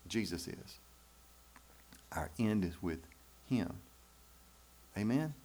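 A man's voice: lowish voice, animated, slow pace, a little mellow. A man preaching a sermon in church, folksy and emphatic, with rhetorical questions to the congregation. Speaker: pastor.

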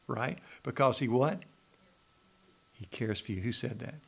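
A man's voice: mid-range voice, measured pace, gravelly, a bit bright, husky. A man with a Southern US accent preaching a sermon in a conversational, pleading way, often asking the audience questions. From Macon, Georgia, US South. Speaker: pastor.

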